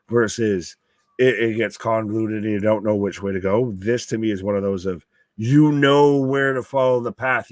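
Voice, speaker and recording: A man's voice: lowish voice, no room sound. A man co-hosting a live wrestling watch-along stream, chatting casually in a rambling, jokey way and swearing freely.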